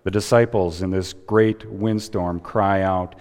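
A male pastor delivers a sermon at an unhurried, measured pace, leaning on long dramatic pauses. His voice sits on the lower side. The sound rings with the long reverb of a church hall. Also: fairly even intonation, a little mellow. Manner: slow, deliberate preaching with dramatic pauses.

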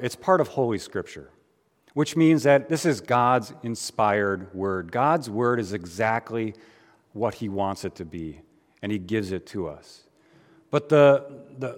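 Low-voiced man preaching in a hall. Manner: conversational, with frequent "uh" fillers and restarts. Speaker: pastor. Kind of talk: sermon.

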